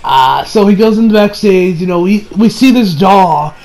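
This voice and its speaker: A man with a very high, gravelly voice recaps an anime episode in loose casual chat. He gets excitable, swears freely and keeps cracking up with laughter. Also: moderate pace, low-quality recording. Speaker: anime reviewer.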